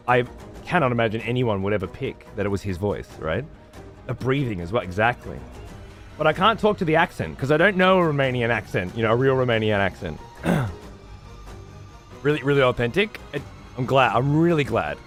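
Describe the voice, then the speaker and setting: A man streaming a game, chatting casually in a rambling, heavily profane way. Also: mid-range voice. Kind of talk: casual chat while gaming.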